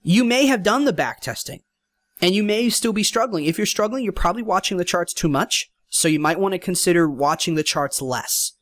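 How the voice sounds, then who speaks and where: A young man hosting a podcast, giving casual, repetitive advice in a relaxed solo monologue. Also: high-pitched, a little fast, no echo. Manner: informal, advice-giving, repeats points. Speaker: podcast host.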